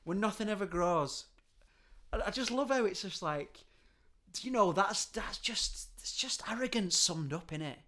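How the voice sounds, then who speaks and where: A man chatting on a comedy podcast, swinging between soft, hushed storytelling and loud, laughing outbursts. His pitch jumps around a lot as he rants and jokes, swearing casually. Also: normal speed. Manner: animated storytelling, swears freely, laughs often, drops to a hushed tone. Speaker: podcast host.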